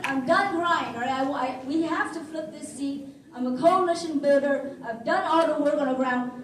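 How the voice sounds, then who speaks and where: Woman, political candidate, emphatic stump speech, high-pitched, far from mic in a reverberant hall. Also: darkish tone, a little hiss or hum. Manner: emphatic, keeps asking "okay?". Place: public forum hall. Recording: very echoey room, distant mic.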